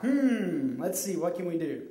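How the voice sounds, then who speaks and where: An upbeat children's ministry leader runs a Bible skit, coaching young volunteers line by line and cheering between cues. The voice rings in a roomy hall and sits a little back from the mic. The pace is slow and deliberate. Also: medium pitch, big pitch swings, distant mic, crowd noise, background noise. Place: church children's room.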